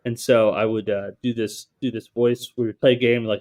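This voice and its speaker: A man's voice: on the low side, flat delivery, normal speed, darkish tone. A man co-hosting a podcast in casual conversation, jokey and laughing often. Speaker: podcast co-host.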